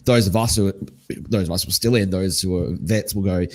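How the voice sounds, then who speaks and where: A man talking in a casual podcast chat, quick and enthusiastic, repeating himself as he goes. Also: low-pitched.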